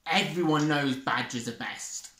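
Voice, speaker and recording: A woman voicing a boastful, bossy male badger in a picture-book reading, loud and self-satisfied. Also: mid-range voice, unhurried, echoey room. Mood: smug. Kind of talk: picture-book read-aloud.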